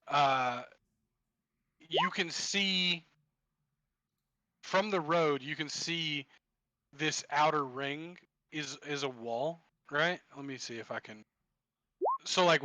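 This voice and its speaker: A man runs a tabletop game as its game master, unhurried and full of small pauses. His voice is bright and a little raised in pitch, and the sound is dry and close. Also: no echo, low-quality recording. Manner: halting descriptive narration with many fillers.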